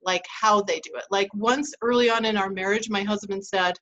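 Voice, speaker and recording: A woman's voice: mid-range voice, fairly even intonation, moderate pace, fairly bright tone, muffled recording. A middle-aged woman hosting a relationship advice talk, telling stories from her marriage and laughing easily. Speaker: host.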